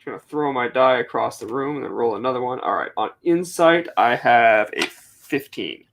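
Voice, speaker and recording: A man's voice: medium pitch, lively intonation, normal speed, a bit bright, slight background noise. A man in casual play at a tabletop game, talking in a joking way. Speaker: player.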